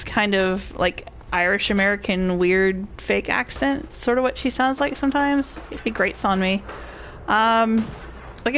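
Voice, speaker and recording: A woman's voice: medium pitch, fairly bright tone, slight background noise. Chatty older woman streaming a game. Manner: chatty, rambling, greets chat viewers. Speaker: gaming streamer. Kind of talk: casual live gameplay commentary.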